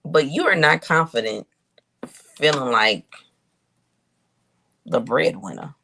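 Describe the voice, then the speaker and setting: A woman giving a casual spiritual reading to her viewers, thinking aloud with drawn-out hums and pauses and talking to them in a colloquial, direct way. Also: low-pitched, animated, vocal fry, sharp tone, slight background noise. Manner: colloquial, addresses viewers as y'all. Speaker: intuitive reader.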